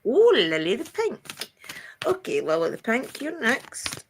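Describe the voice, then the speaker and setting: Glasgow woman giggly and chatty, reading spirit cards, bit high, voice goes up and down a lot. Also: wildly swooping pitch, a little slow, slight background noise. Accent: Glaswegian. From Scotland. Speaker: spiritual reader and channel host. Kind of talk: live-stream chat and card reading.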